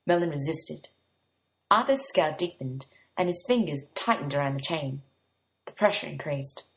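A woman narrating a fantasy story aloud in a calm, steady storytelling manner. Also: sits low, normal speed, gravelly. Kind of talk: audiobook-style story reading.

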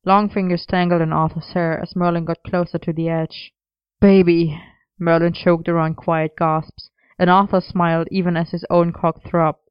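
A narrator reading a romance story aloud in a steady, even storytelling manner. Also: medium pitch, moderate pace, few pauses, smooth, dry recording, muffled recording.

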